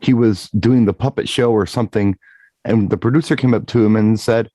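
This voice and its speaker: A man's voice: lowish voice, a little fast, dark tone, dry recording. A man in casual panel chat, confessional and self-deprecating as he tells stories.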